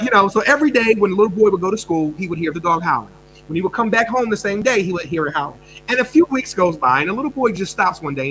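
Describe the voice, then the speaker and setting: In a low-quality recording with a faint mains hum beneath it, a guest speaker and coach from the United States shares his story with energy. His voice is high, sharp, and forceful; he repeats words and shifts from rapid bursts to hushed drops.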